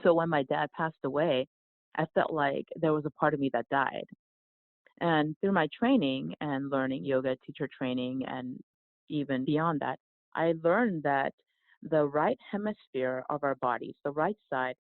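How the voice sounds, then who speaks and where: Soft-spoken woman with gravelly edge, phone line. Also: deep voice, measured pace, no room sound. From South Korea. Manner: soft-spoken, reflective, frequent restarts. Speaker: guest, yoga teacher. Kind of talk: conversational storytelling. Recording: dry, phone-like remote line.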